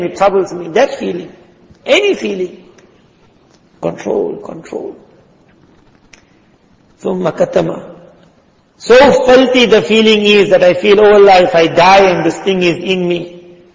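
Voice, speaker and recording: A man's voice: high voice, a little fast, gravelly. A male preacher giving an impassioned sermon in a mosque. He acts out the people he quotes and sometimes drops almost to a whisper. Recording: dull lo-fi sound in a reverberant hall.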